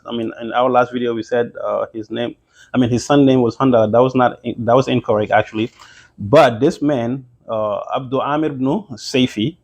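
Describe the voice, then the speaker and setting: A man giving an informal religious history lesson, talking conversationally with many fillers and restarts. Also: medium pitch. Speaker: religious teacher.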